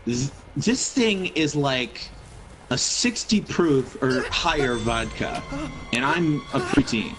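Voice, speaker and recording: A man's voice: medium pitch, takes it slowly, faint music behind, poor audio. Rambling, profane young man telling stories. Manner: rambling, profane, animated storyteller. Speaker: gaming streamer. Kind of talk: casual storytelling over gameplay.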